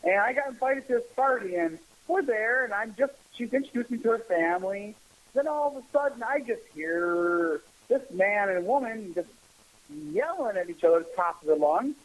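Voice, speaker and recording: Brief: male radio guest, high pitch, animated storyteller who laughs easily. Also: moderate pace, poor audio. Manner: animated, laughs while telling stories. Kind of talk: casual storytelling chat.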